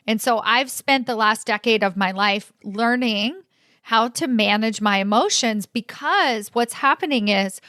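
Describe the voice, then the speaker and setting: A woman in her forties telling a personal story to her audience, animated and expressive. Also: mid-range voice, no echo, studio quality. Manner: animated, expressive, laughs often. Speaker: career coach and host.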